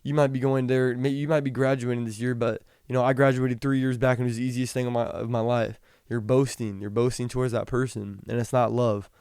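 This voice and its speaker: Smooth-voiced young man teaching casually. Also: medium pitch, level tone, a little mellow, dry recording, studio quality. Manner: rambling, restarts often, reads scripture slowly. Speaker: podcast host. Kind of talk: casual Bible teaching talk.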